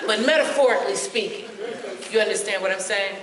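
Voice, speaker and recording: A woman's voice: on the low side, normal speed, a loud crowd. Sassy woman speaker in an echoey hall. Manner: sassy, lively, acts out voices. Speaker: motivational speaker. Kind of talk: humorous health talk to a live audience. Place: large hall with audience. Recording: echoey hall, mic from far off, noisy.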